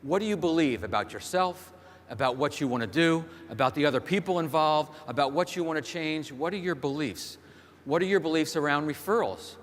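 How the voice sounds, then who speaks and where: Gruff shrewd older salesman mentor, probing coach, slightly low voice, hall echo, as a keynote speaker quotes him. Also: fairly quick, slight background noise, lightly acted. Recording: long hall reverb from a stage.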